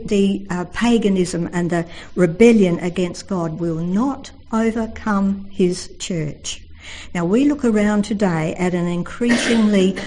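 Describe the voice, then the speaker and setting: A woman giving a devotional Bible talk, telling the stories earnestly and slowing down for emphasis. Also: medium pitch, warm tone, low-quality recording. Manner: earnest storytelling, slows for emphasis. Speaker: Bible teacher.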